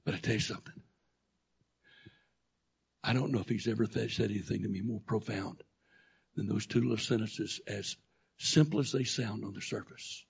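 A man preaching a sermon, telling a personal story that swings from quiet, low talk to loud, shouting intensity. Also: moderate pace, creaky, long pauses, slightly rough, lo-fi sound.

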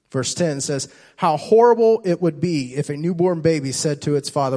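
A man's voice: a little high, normal speed, few pauses. Impassioned man preaching a sermon. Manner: impassioned, repeats and restarts phrases, swings loud and soft. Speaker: pastor.

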